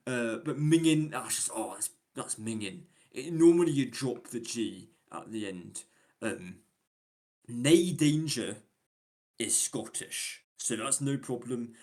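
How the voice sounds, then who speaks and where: A man's voice: medium pitch, a little slow, hardly any pauses, a little mellow. A man with a Yorkshire accent, chatting casually as a host and explaining British slang, with lots of fillers and restarts. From England. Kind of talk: casual chat.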